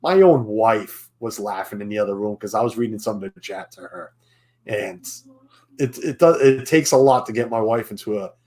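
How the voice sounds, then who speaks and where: A man's voice: fairly low pitch, normal speed, a little mellow. A man hosting a casual live-stream chat, rambling with restarts and chuckling as he reads the chat. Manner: rambling, self-interrupting, chuckling. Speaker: stream host.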